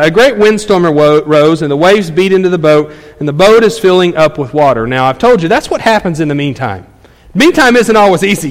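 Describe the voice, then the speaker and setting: Folksy high-voiced male pastor, hall reverb. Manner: conversational, folksy, with frequent fillers and restarts. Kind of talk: sermon. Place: church sanctuary.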